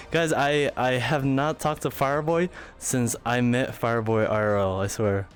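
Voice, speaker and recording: A young male streamer talks to his chat while dancing in VR, breathless and quick to giggle. His voice sits at a middle pitch, with faint music playing under him. He chats loosely and playfully, reading out names from chat. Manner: chatty, giggly, animated, reads chat aloud. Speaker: livestreamer. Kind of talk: casual live-stream chat.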